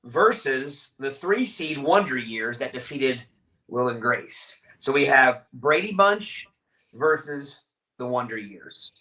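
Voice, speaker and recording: A man runs a live podcast chat in a bright, forward voice. He rambles and keeps restarting his sentences as he works toward his point. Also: medium pitch, animated, poor audio. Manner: rambling, halting, many restarts. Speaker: podcast host.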